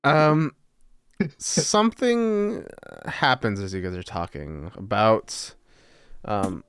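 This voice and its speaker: A man's voice: fairly low pitch, animated, takes it slowly, clear, resonant tone. Man running a tabletop game. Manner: hesitant, restarts while ruling. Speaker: game master.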